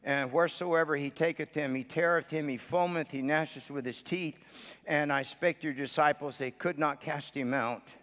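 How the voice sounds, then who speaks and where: A man's voice: on the high side, steady tone, moderate pace. Preaching man in a reverberant hall. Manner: swings from shouted declarations to hushed storytelling; frequent "uh" fillers between phrases. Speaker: pastor. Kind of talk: sermon. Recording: long church hall reverb.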